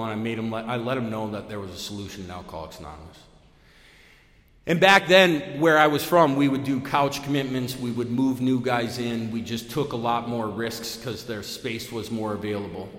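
Man, mid pitch, casual storytelling speaker at a meeting, heavy fillers, animated swings, recorded in a reverberant hall. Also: normal speed. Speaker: AA main speaker. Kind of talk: personal recovery talk at a meeting. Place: meeting room. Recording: echoey hall, long reverb.

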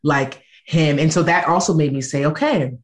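A woman in her thirties talking casually as a guest, lively and expressive, slipping into other people's voices as she tells stories. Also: moderate pace, a crowd in the background. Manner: animated storyteller, acting out quoted voices with big pitch jumps. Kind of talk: casual conversation.

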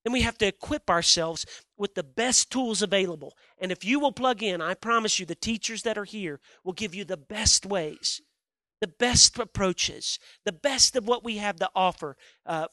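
A male preacher giving a sermon, telling a story in a lively, conversational way and calling out to the congregation. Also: high voice, no echo. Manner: animated, conversational storytelling with a crowd.

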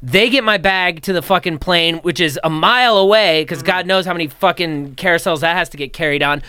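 A man's voice: fairly high pitch, brisk, sharp tone, clear, resonant tone, no room sound. A young man animatedly telling a story in casual chat, swearing and acting out the people he talks about. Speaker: podcast co-host telling a story.

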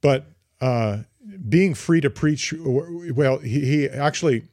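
A man's voice: a little high, slow pace, dark tone, no room sound, clean studio sound. A man co-hosting a podcast, casually retelling history with lots of fillers and restarts. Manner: rambling, many fillers and restarts. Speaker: podcast co-host.

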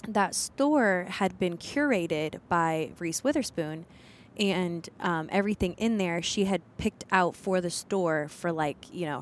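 A young woman with a slightly low voice tells a story on her podcast. She talks casually and with excitement, full of likes and ums. Faint background noise sits under her voice. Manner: chatty, animated retelling with fillers. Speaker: podcast co-host.

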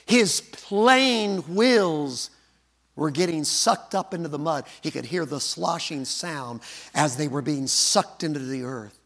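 Brief: dramatic male preacher, lively pitch, bright tone, storytelling sermon. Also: slow. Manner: dramatic, swings from booming to hushed.

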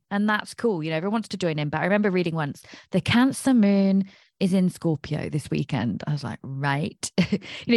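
An Englishwoman from England hosts an astrology podcast, rambling casually in a chatty, digressive monologue and laughing at herself. Her voice is low, and the studio-quality recording has no echo.

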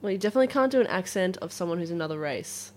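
A woman's voice: lowish voice, lively intonation, very fast, a little mellow, slight background noise. A woman in casual podcast chat, frank and joking, laughing often.

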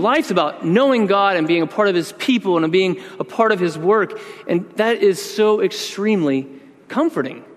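Man, pastor, earnest conversational sermon, slightly high voice, long hall reverb. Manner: earnest, conversational preaching with slowed emphasis.

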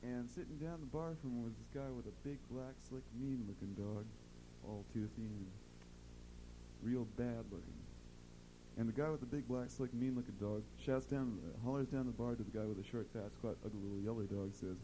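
A man's voice: medium pitch, fairly even intonation, fairly quick, dark tone, a little hiss or hum, rough recording. A man on a live stage telling a long folksy joke in a drawling, rambling way, full of fillers and repeats. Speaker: stage performer.

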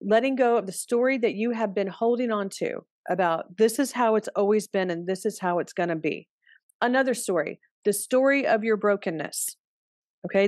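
A woman's voice: mid-range voice, darkish tone, no room sound, studio quality. A woman astrologer, likely middle-aged, talking in a candid, conversational way and swearing casually now and then. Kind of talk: casual spoken astrology talk.

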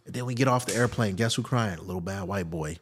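A man in his early thirties, a podcast guest telling stories in a slangy, profane, animated way and acting out the scenes. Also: on the low side, fast talker, background noise. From United States. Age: early 30s. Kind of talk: casual podcast storytelling.

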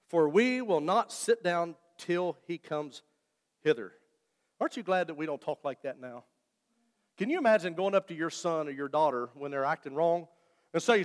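A man preaches in a high, lively voice that swings up and down a lot. He talks to his congregation in a conversational, joking way, and his voice rings with the long reverb of a church hall. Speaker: pastor. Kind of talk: sermon. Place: church sanctuary.

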